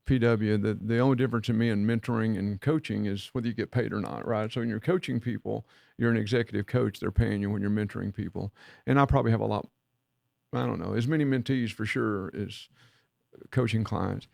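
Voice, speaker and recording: A podcast co-host and leadership mentor tells a story in a folksy, casual way, acting out the dialogue as he goes. His voice is on the low side, gravelly and a little mellow, and a little fast. The recording is dry and studio quality.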